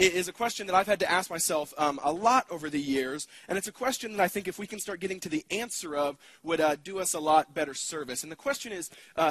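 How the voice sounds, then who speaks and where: A man's voice: high-pitched, a bit bright, no room sound. A man giving a conversational keynote sermon at a conference, casual and self-deprecating, with lots of fillers and restarts. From United States.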